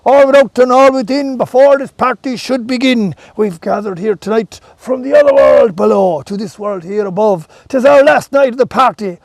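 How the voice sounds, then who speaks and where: A man with an Irish accent voicing a loud male goat turning into a fairy, calling out like a town crier in a storybook tale. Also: moderate pace, gravelly, hardly any pauses, no echo. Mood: proclaiming. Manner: booming town-crier calls.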